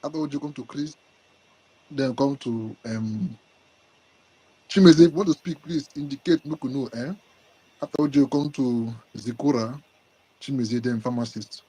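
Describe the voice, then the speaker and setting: A Nigerian man moderating a live audio-room discussion, brisk and directive, slipping into pidgin. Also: mid-range voice, dark tone, husky, rough recording.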